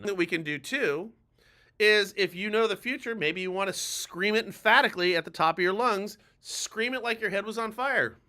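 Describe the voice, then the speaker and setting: A man's voice: high voice, moderate pace, bright, forceful tone. A man hosting a live-streamed coaching talk for mortgage lenders, speaking emphatically and urgently, blunt and a little profane. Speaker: mortgage lender and show host.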